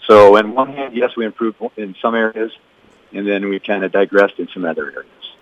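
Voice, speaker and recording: A man's voice: lowish voice, fairly quick. A man, a football coach, talking plainly about his team's game in a phone interview. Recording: dull dry phone line.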